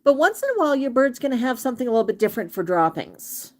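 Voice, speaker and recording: A woman with a fairly high voice hosts a casual livestream. She reads comments out loud and chats easily about caring for birds. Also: big pitch swings, quick pace. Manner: sing-song baby talk to her bird, then chatty comment reading. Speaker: pet parrot channel host.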